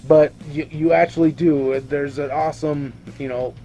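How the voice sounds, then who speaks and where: A man's voice: fairly high pitch, steady tone, normal speed, warm tone, faint music behind. A drunk man giving a casual video review of a movie, rambling, swearing freely and tripping over his own words.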